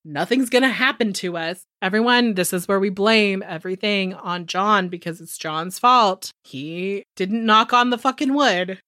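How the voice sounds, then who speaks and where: A young woman chats through a movie recap with animated, swearing energy and snaps into quick character voices. Her tone is bright and forceful. The sound is dry and close, with no room around it. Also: medium pitch, dry recording. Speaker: podcast co-host.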